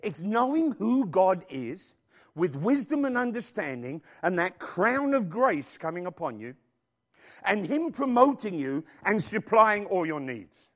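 A man preaching a sermon, emphatic and animated, throwing rhetorical questions at his congregation. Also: high-pitched, unhurried.

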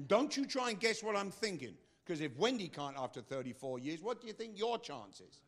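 Forceful older preacher man. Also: very animated, a little fast. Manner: forceful, swings between loud bursts and low asides. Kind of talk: sermon.

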